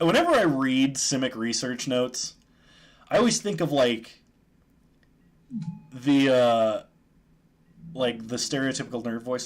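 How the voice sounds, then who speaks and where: A man's voice: medium pitch, expressive, measured pace, long pauses. A man streaming a card game, giving casual, joking commentary and chuckling often.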